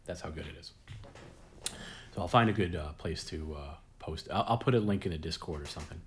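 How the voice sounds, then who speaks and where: A man with a notably low voice hosts a casual late-night stream. He rambles, restarts his sentences and chuckles at his own jokes. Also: brisk, slight background noise. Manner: rambling, repeats words, laughs at own jokes. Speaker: host.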